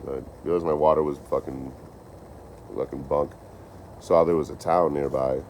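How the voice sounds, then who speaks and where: A man's voice: rumbling low, steady tone, normal speed, darkish tone, a little hiss or hum. A young man telling rambling, profane travel stories in a casual live chat. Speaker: train-hopping traveler vlogger.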